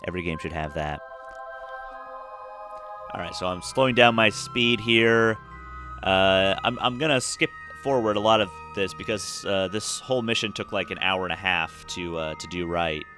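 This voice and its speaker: A low-pitched man with a sharp tone narrates a space game at a moderate pace, faint music playing underneath. As a gameplay commentator doing casual let's-play talk, he's tired and yawning, rambling with frequent fillers and restarts.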